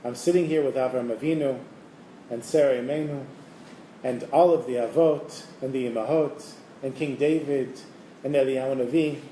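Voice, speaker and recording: A man voicing a gruff male miser who is secretly a hidden saint, shouting threats at beggars. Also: medium pitch, normal speed, echoey room, slight background noise, natural voice, low-quality recording. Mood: gentle.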